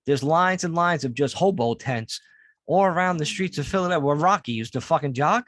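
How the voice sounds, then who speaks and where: A man, chatting on a podcast in a slightly high voice. He tells profane, animated stories. The sound is dry and close to the mic. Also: brisk, dry recording. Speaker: podcast co-host. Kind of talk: casual podcast chat.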